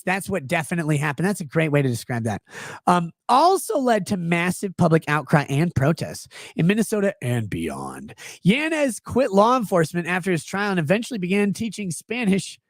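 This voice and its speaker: A man's voice: high-pitched, no room sound, studio quality. A man hosting a casual livestream, reading chat messages aloud and riffing on them sarcastically. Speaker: livestream legal commentary host.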